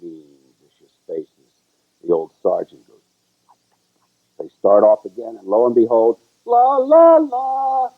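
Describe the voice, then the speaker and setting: A man co-hosting a casual chat, telling a story with lively sung bits. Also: husky. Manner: animated storyteller who sings high "la la" bits. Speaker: show co-host. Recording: tinny, phone-like, lo-fi sound.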